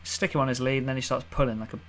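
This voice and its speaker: A man's voice: mid-range voice, fairly even intonation, very fast, slight background noise. A young man co-hosting a podcast, bantering casually and laughing at his own jokes. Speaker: podcast co-host. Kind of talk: casual chat.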